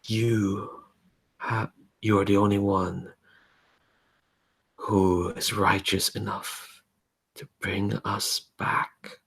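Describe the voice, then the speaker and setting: A man voicing an otherworldly voice that praises a faithful follower in a hushed, slow way. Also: fairly low pitch, level tone, husky, heavily acted. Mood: reverent.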